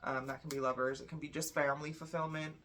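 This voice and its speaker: A woman's voice: low-pitched, level tone, fast talker, fairly bright tone, a little hiss or hum. Tired, blunt young woman tarot reader. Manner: chatty, blunt, swears freely. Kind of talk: casual tarot reading.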